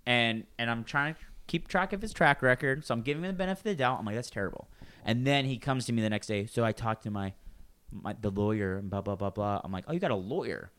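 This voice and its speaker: Fast and clean in tone, a man's mid-range voice carries a long, animated story about work during a casual chat. He uses lots of acted-out quotes from coworkers and swears freely.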